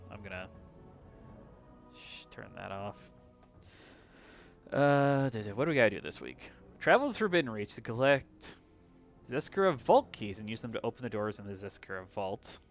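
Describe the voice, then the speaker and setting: A man streaming a video game, chatting casually and playfully, with asides to his cat at home. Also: on the low side. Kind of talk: casual gameplay commentary. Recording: dull lo-fi with faint music.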